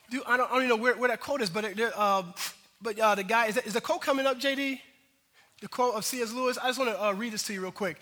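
A male pastor preaching a sermon in a casual, lively way, with slang asides to the congregation. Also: very high voice, quick pace, big-room sound.

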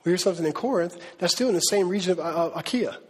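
A man preaching a sermon to his church in a casual, animated way, using slang and acting out quotes. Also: high-pitched, fast, husky. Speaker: pastor. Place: church hall. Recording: long reverb of a large hall.

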